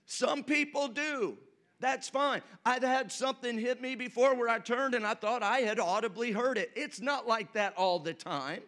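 Male pastor, high bright voice, sermon delivery with call-and-response and humor. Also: moderate pace, hardly any pauses.

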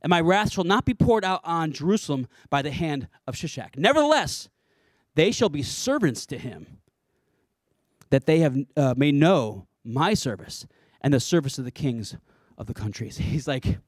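Animated preaching man, high lively voice. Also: moderate pace, no echo, clean studio sound. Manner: animated, conversational preaching with playful asides. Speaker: pastor. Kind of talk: sermon.

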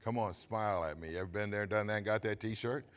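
A man preaching a sermon as pastor, reading scripture slowly and swinging between loud emphatic lines and quiet asides. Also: fairly low pitch. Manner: reads scripture slowly with stress.

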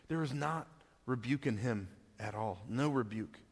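A man's voice: medium pitch, a little fast, breathy edge. Chatty man preaching in a reverberant hall. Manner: conversational, laughs often, keeps asking "right?". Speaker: pastor. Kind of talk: sermon.

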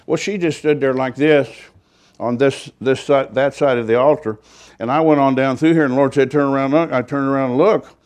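A man's voice: medium pitch, darkish tone. An older man, a pastor, telling a story in a rambling, folksy sermon with self-deprecating humor.

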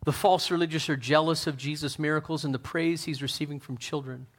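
A pastor preaching a sermon, talking straight to his congregation, swinging from loud fervent peaks to soft hushed lines. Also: a little high, fairly even intonation, fairly quick. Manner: talks straight to the congregation with questions.

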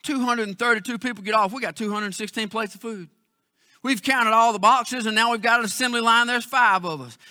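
High, bright-voiced pastor preaching. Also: male voice, fairly quick, no room sound, studio quality. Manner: storytelling, emphatic with hushed emotional drops. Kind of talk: sermon.

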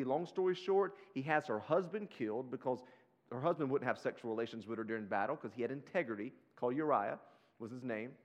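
Man, pastor, sermon, animated, conversational, direct address, fairly high pitch. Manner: slips into casual slang like "y'all".

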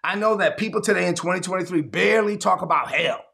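Gravelly high-voiced preacher. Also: male voice, quick pace. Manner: animated, acts out conversations in his own voice; calls for audience responses. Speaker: pastor. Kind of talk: sermon.

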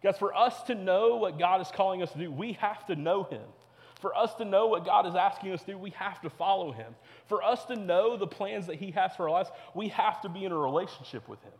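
A man's voice: high-pitched, brisk, long reverb tail. A young man preaching a sermon to teenagers as a youth pastor, earnest and repetitive. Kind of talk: sermon to teens.

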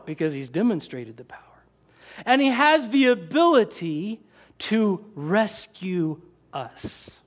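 A male pastor preaching a sermon to his church, mixing casual asides with rising, excited emphasis. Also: fairly high pitch.

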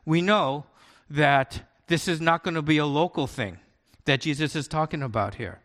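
A male pastor delivers a sermon in a relaxed, story-driven way, often checking in with his listeners. His voice sits a little high for a man. It rings with the long reverb of a large hall or church. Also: moderate pace.

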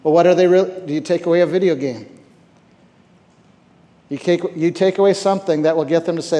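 A man's voice: a little high, a little fast, mellow. A man giving a conversational sermon on parenting at a camp, stumbling over repeated words and asking the room rhetorical questions. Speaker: camp speaker. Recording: reverberant hall.

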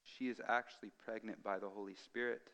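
A man delivers a sermon with a bright, smooth, ringing voice. He drops to near whispers and then builds to emphatic peaks. His words trail off into the long reverb of a large hall. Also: on the low side, fairly even intonation, fairly quick. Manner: dramatic swings from hushed to emphatic. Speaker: pastor.

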